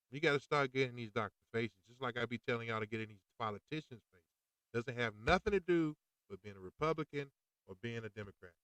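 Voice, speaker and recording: A man's voice: mid-range voice, fairly bright tone, clear, resonant tone, no echo, poor audio. A man hosting a podcast, talking in a fired-up, preachy and slangy monologue. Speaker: podcast host. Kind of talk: opinionated monologue.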